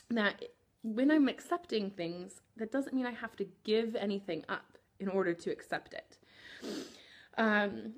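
A woman therapist in her thirties hosting a podcast, speaking gently and candidly about her own experience, with frequent pauses and "um" fillers. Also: medium pitch. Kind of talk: reflective personal talk.

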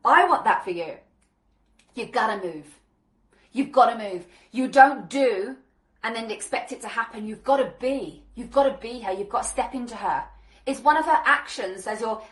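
Young adult woman podcast coach, fired-up and punchy, bright higher voice, echoey room. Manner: energetic, hyped, swears mildly, repeats "boom". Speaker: business coach and podcast host. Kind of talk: motivational podcast monologue.

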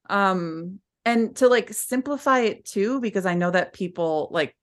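This podcast guest, a woman who was once a client, speaks candidly and from the heart, wandering and restarting frequently throughout the conversational interview. Her voice is medium in pitch and expressive, unhurried yet with hardly any pauses.

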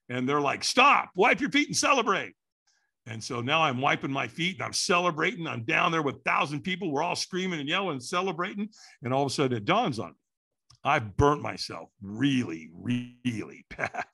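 A man telling a story as a podcast guest, animated and acting out quotes with sudden shouts. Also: on the high side, fast talker, vocal fry, husky.

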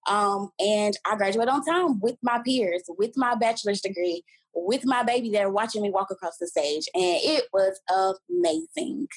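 A woman in her twenties, a podcast guest telling her story in a candid, animated way and acting out the voices of people she quotes. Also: medium pitch, moderate pace, breathy edge, dry recording, poor audio. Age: 20s. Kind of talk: casual storytelling.

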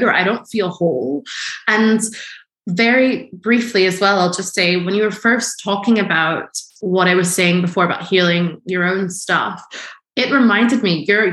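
A woman, a guest on an interview show, telling a personal story in an earnest, animated way with frequent restarts. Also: medium pitch. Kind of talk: casual conversational storytelling. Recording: echoey room.

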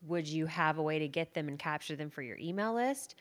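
A young woman hosts her solo podcast from the floor of her living room. Her voice sits a little low, and she talks in a lively, chatty way. She laughs at her own slips as she goes. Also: a little fast. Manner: chatty and animated, laughs at herself. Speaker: podcast host. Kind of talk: casual solo podcast monologue.

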